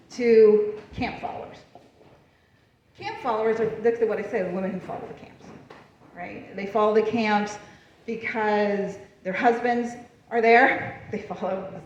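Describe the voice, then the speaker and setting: A woman speaks to a library audience about history in a lively, chatty way, laughing often and asking "right?" as she goes. Her voice sits a little high and is picked up from some distance. It reaches the mic through a very echoey room with a slightly dull sound. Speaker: history lecturer. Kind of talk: public library talk with slides. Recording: far from the mic, roomy and dull.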